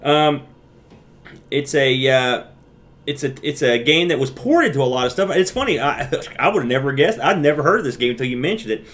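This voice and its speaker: A man co-hosting a retro gaming podcast in casual chat, animated and jokey, acting out his own reactions. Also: mid-range voice, brisk. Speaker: podcast co-host.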